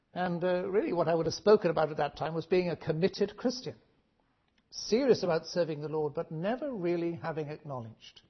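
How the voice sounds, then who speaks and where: On a muffled lo-fi recording, a Welsh preacher delivers a sincere, measured sermon, frequently starting lines over. His male voice is a little high, slightly rough, and carries some vocal fry.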